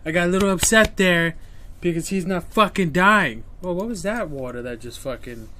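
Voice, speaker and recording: Excitable swearing man narrating his game. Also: high voice, moderate pace, a little hiss or hum. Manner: excitable, swearing, mutters to himself. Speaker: gameplay streamer. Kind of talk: profane live gameplay commentary.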